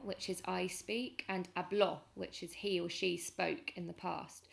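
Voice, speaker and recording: A woman's voice: on the low side, creaky. A woman, patiently explaining a grammar lesson step by step as a language teacher.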